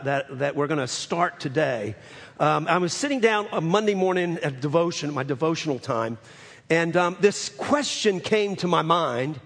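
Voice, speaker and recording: A middle-aged man preaching a sermon as pastor, earnest and halting, often restarting and slowing down to stress his words. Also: a little high, fairly bright tone, in a large hall. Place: church sanctuary.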